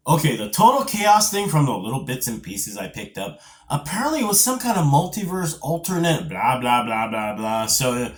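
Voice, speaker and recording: In a casual video review, a middle-aged man rambles animatedly about a vintage action figure, full of playful asides and geeky nostalgia. His voice is mid-range and his pace moderate.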